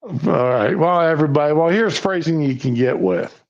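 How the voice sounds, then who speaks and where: Older man, halting host chat. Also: fairly high pitch, animated, muffled recording. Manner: halting, with many restarts and fillers. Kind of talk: casual chat on a live stream.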